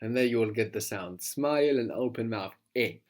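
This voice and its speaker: A man teaching a spoken language lesson, patiently coaxing a student and modelling pronunciation slowly. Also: medium pitch, a little mellow.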